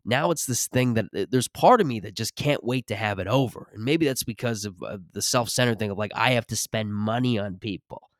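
A man's voice: on the low side, a little fast, hardly any pauses, no echo, clean studio sound. A man in his thirties, hosting a podcast, in a rambling and profane comic rant. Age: 30s. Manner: rambling, profane, self-interrupting. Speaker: podcast host. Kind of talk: comedic solo rant.

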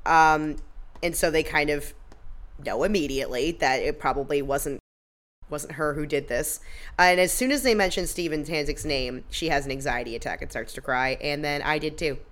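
A woman's voice: sits low, moderate pace. A woman co-hosting a podcast, recapping a TV episode in casual, blunt, profane chat. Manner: blunt, profane, animated retelling. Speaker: podcast co-host.

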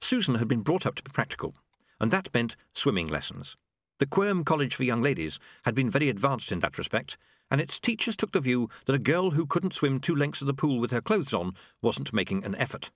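A man narrates a novel aloud with an animated, swooping delivery. The sound is close and dry with no room echo. He raises his pitch whenever a character speaks. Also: a little fast. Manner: shifts pitch for dialogue. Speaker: audiobook narrator.

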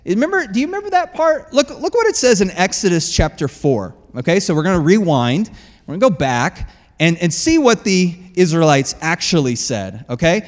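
A man preaching a sermon as pastor, conversational and animated, laughing often and acting out quotes. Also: high voice, moderate pace, in a large hall.

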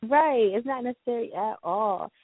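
A woman's voice: fairly high pitch, lively intonation, moderate pace. A woman hosting a casual chat, often affirming her guest and adding her own views. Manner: affirming, echoes agreement. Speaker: podcast host. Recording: tinny phone-like sound, dry.

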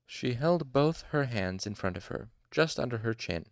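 A man's voice: mid-range voice, lively intonation, moderate pace, dry recording, clean studio sound. A man reading a novel aloud expressively, with occasional asides and self-corrections. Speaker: audiobook narrator.

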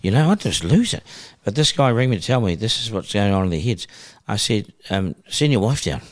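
A middle-aged New Zealand man, a broadcaster, telling stories in a casual, animated way and acting out phone calls. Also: fairly low pitch, brisk. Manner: animated, acts out phone calls in character voices. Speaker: broadcaster guest. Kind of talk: casual storytelling.

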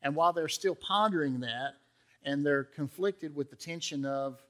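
A man's voice: a little high, moderate pace, a bit bright. A male pastor preaching a sermon in a conversational way, acting out the quotes in character voices.

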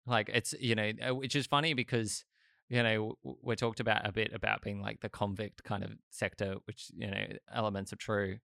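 Australian man hosting a casual chat, lowish pitch, bright forward tone, rambling delivery, dry close sound. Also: level tone, fairly quick, creaky, no room sound. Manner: rambling, lots of fillers and restarts.

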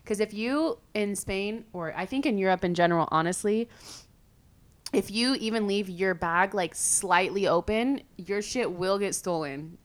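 A young woman from California hosting a podcast, telling stories in a casual, animated way, full of fillers and swearing. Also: medium pitch, a little slow. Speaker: podcast host. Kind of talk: casual storytelling chat.

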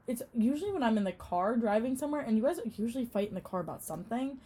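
Fast-talking young woman, chatty. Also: fairly high pitch, expressive, warm tone, husky. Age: young adult. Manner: rapid and chatty, heavy on "like" fillers. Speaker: podcast co-host. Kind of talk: casual chat.

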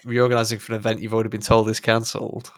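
A man's voice: lowish voice, monotone, rapid-fire, dry recording. A tired man hosting a casual podcast, joking and swearing with friends late at night. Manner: joking, swearing, bursts into mock voices. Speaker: podcast host.

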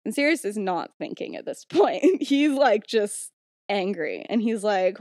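A woman's voice: mid-range voice, sing-song, a little slow, darkish tone, no echo, clean studio sound. A young adult woman hosting a podcast, casually retelling a story with lots of "like" and "um" and frequent giggles. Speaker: podcast host.

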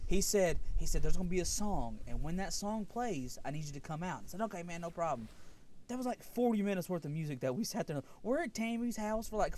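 A man's voice: high-pitched, a little hiss or hum. A young man co-hosting a podcast, telling stories in casual chat and laughing often. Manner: animated storytelling, laughs often. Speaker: podcast co-host.

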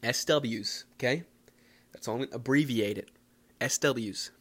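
A young man from the Philadelphia area hosting a casual solo podcast, rambling and self-mocking with excitable bursts. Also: medium pitch, measured pace. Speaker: podcast host.

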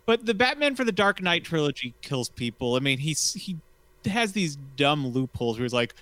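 A man's voice: on the high side, big pitch swings, moderate pace, a bit bright, dry recording. A man in a casual group chat making wry, joking asides.

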